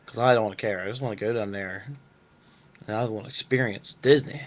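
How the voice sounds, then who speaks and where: With a fairly even intonation and a voice on the low side, a young man from Northern Kentucky recounts a story to his webcam a little fast. The young adult vlogger's storytelling is laid-back and rambling, packed with fillers.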